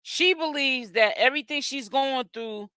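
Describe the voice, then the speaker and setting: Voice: sits high, sharp tone, clear, resonant tone, dry recording, studio quality. Sassy host with a Boston accent. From Boston, Massachusetts. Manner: sassy and chatty, with drawn-out exclamations. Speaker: host of a celebrity gossip channel. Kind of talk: live-stream commentary reading chat.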